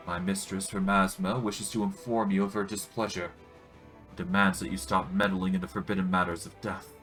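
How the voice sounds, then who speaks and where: A man voicing a calm, stern woman priestess of death in a video game, speaking in a solemn, measured way. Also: low voice.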